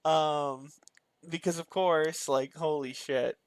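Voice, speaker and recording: High-voiced dude swearing and venting about a lazy movie, dry close mic. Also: male voice, steady tone, slow, no room sound. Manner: exasperated, profane, emphatic ranting. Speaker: podcast co-host. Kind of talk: casual movie-review chat.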